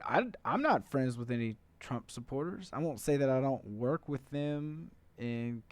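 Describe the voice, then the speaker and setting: A man's voice: medium pitch, clear, resonant tone, dry recording. A man hosting a political podcast in a casual, profane, conversational monologue, full of filler uhs. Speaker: podcast host.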